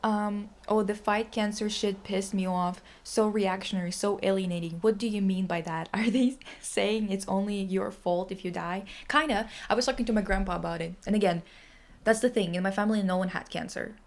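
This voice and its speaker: A woman's voice: medium pitch, fairly even intonation, normal speed. Blunt, profane woman streamer. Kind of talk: casual livestream chat.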